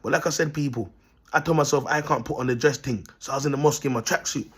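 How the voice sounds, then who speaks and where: Speaking quickly in a medium-pitched, slightly bright voice with a breathy edge, a London-accented man tells his viewers a rambling story packed with slang. He's a self-styled prophet vlogger who repeats himself, laughs in bursts, and addresses them as "people".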